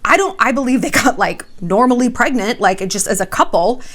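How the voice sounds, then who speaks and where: A woman's voice: fairly high pitch, expressive, fairly quick, fairly bright tone. A young woman hosting her own vlog, giving celebrity gossip and relationship advice in a blunt, profane, sassy way. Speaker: vlogger host.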